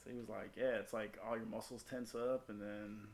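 A man's voice: fairly low pitch, level tone, a little fast, vocal fry, darkish tone, slight background noise. Rambling profane male storyteller. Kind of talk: casual podcast chat.

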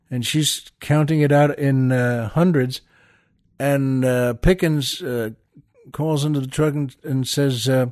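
An older man spins a story at an unhurried, drawn-out pace. He wanders and restarts, fills gaps with "uh," and calls his listeners "folks." His voice sits a little higher than most men's, and the recording is dry and close. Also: steady tone, darkish tone, dry recording. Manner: rambling, with many "uh"s and restarts, addressing listeners as "folks". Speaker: podcast host. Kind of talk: casual storytelling monologue.

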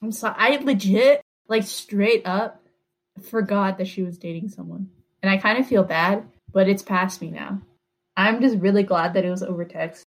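A woman's voice: mid-range voice, normal speed. A young woman hosts a casual podcast and tells an embarrassing story in loose, rambling chat. She fills her sentences with "like" and keeps an easygoing, mid-range voice. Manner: rambling, heavy use of "like". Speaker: podcast host.

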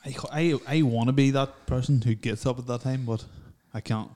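A man with a mellow, warm tone jabs at his friends in casual podcast banter. His pitch sits in the middle. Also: fairly even intonation, normal speed. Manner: teasing, jabbing remarks. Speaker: podcast co-host.

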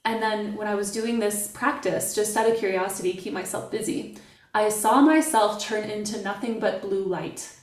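A middle-aged woman from Canada, a podcast guest, telling stories in a playful, animated way. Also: medium pitch, moderate pace. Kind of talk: casual podcast conversation. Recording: echoey and distant from the mic.

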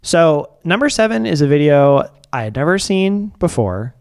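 A man co-hosting a casual chat that counts down music videos, playful and quick to laugh. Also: on the high side, creaky, clear, resonant tone. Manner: playful, animated, laughs often. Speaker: co-host.

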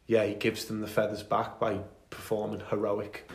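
A man's voice: lowish voice, completely flat delivery, moderate pace, echoey room. A man co-hosting a podcast, telling military history stories in a casual, enthusiastic way with many fillers. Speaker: podcast co-host.

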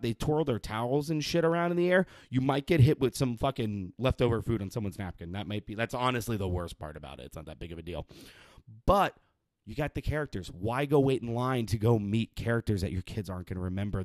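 A man's voice: medium pitch, a little mellow, no echo. A young man delivering a profane, rambling rant in a casual monologue, exasperated and sweary. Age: young adult. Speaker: vlogger ranting.

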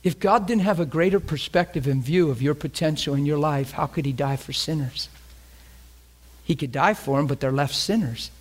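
A man preaching a sermon with a somewhat high voice. He talks with passion and throws direct questions to his congregation. His delivery swings from loud emphasis to hushed, almost whispered lines. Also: normal speed.

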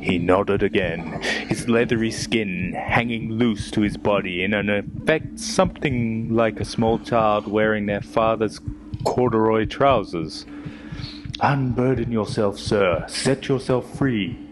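A man's voice: fairly low pitch, a little slow, noisy background. Pompous, stammering man narrating a comic tale. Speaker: comedy podcast host. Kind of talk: comic first-person narration.

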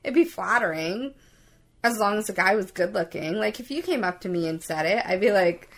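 A woman's voice: mid-range voice, animated, fairly quick, a bit bright. A woman co-hosting a casual chat, teasing her co-host and laughing often. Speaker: podcast co-host.

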